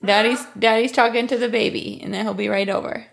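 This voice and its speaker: A young pregnant woman chatting casually in a home vlog, tired but playful and quick to laugh. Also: a little high, steady tone, vocal fry. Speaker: vlogger and mother of two toddlers. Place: family home kitchen. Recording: noticeable background noise, clicks.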